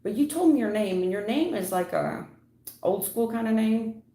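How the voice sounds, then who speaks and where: A woman tarot reader with a fairly high voice talks straight at her viewers live. She is blunt and preachy and keeps calling people honey and sweetheart. Her voice bounces around an echoey room. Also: lively intonation, moderate pace, mellow. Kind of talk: live-stream tarot reading.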